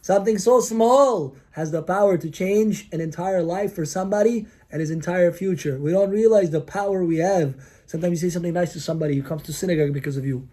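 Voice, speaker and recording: High-voiced rabbi telling lively stories. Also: male voice, fast. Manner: animated, acts out characters in the stories. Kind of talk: storytelling sermon.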